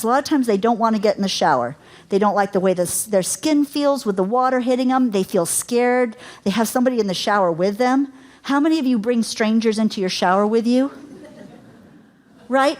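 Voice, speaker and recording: A woman's voice: on the high side, a little mellow. A middle-aged woman teaching a caregiving workshop to a live audience, chatty, laughing easily and asking the room questions. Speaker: caregiving educator.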